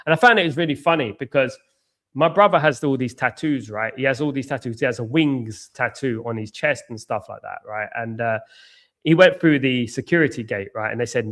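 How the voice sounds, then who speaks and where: A man's voice: medium pitch, normal speed, a bit bright. An English man with an English accent chats casually as host of a live football watchalong. He rambles and restarts sentences often, leaning on ums and repeating the same phrase a few times over. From England. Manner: rambling, repeats himself, many fillers and restarts. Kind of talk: casual live chat reacting to a match and reading comments.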